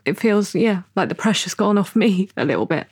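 A woman's voice: mid-range voice, animated, fairly quick, darkish tone, a little hiss or hum. A tearful woman, speaking hesitantly and reflectively as a guest in a therapy session.

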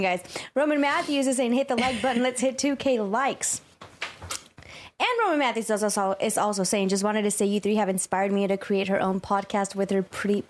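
A woman co-hosting a livestreamed podcast, reading viewer super chats one after another. She keeps an upbeat tone and laughs easily. Her voice sits at a middle pitch for a woman. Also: slight background noise. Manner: upbeat, laughs often while reading names. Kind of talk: casual chat.

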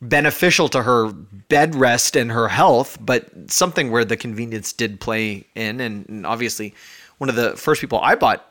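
A male podcast host talks from his home in a chatty, energetic way. He is a bit out of breath. His voice is a middle pitch for a man, and he pokes fun at himself as he goes. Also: moderate pace. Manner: energetic, chatty, self-deprecating. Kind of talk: casual podcast monologue.

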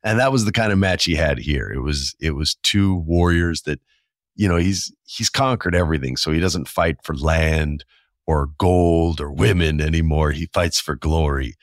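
A man in his forties with a low, deep voice talks loosely and eagerly as the host of his own show. He keeps things chatty and tosses in quick voiced asides. The sound is dry and close, with no room around it. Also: dry recording. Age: 40s. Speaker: podcast host. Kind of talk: casual solo commentary.

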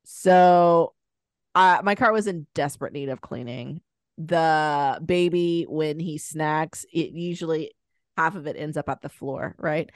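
A woman's voice: sits low, unhurried, no echo, clean studio sound. A woman co-hosting a podcast in casual chat, telling stories and acting out what others said. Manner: animated storyteller, acts out quoted voices. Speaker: podcast co-host.

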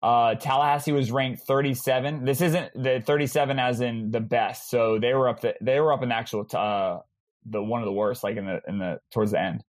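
Male podcast host, relaxed, casual, slightly hesitant delivery of rankings. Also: mid-range voice, a little fast. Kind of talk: casual chat.

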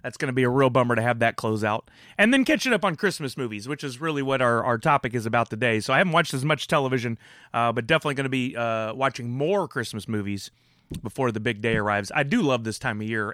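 A man's voice: medium pitch, expressive, fast, fairly bright tone, no room sound, studio quality. A man co-hosting a podcast, chatting enthusiastically about shows he has been watching. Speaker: podcast co-host. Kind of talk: casual podcast chat.

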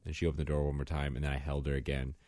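A man in casual chat, a parent of two young children, telling animated stories and acting out the kids' lines. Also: rumbling low, very fast, no echo, studio quality.

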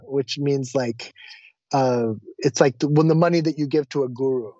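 A man who teaches Vedanta, a guest telling a personal anecdote. He tells it lively, acting out the quoted voices and often restarting his sentences. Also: on the high side, fairly quick, dry recording, dull audio.

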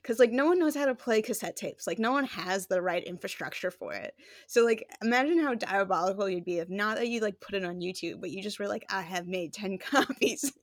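A woman's voice: medium pitch, fast talker, few pauses, no room sound, studio quality. A woman co-hosting a podcast, making wry, playful asides in casual chat. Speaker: podcast co-host.

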